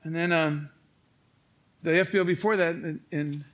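A pastor from Illinois with a Chicago accent tells a funny story during his sermon, acting out the voices in the dialogue from a church stage before his congregation. His voice is fairly high and moves at a normal speed, and his manner is animated and joking.

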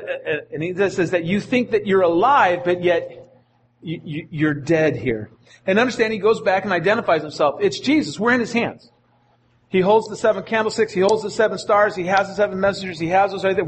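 Man, pastor, sermon, high voice, earnest, repeats himself. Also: brisk, slight background noise. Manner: earnest, repeats phrases while preaching.

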